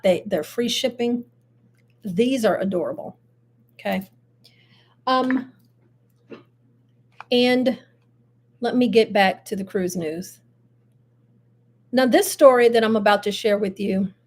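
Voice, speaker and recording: Older woman, livestream host, chatty and laughing, fairly high voice. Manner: chatty, laughing, animated asides. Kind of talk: casual livestream chat.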